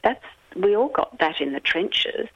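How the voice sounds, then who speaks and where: A woman's voice: mid-range voice, lively intonation, measured pace, breathy edge, dry recording, highs cut off, voice pushed up. A woman voicing a decorated male war veteran scientist, offhand and reassuring. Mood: breezy.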